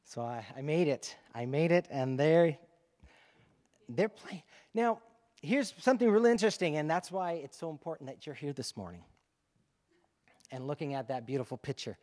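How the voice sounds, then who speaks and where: A male pastor telling a lively story to his congregation during a sermon, in a conversational, animated way. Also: fairly high pitch, moderate pace, pauses often, big-room sound. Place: church sanctuary.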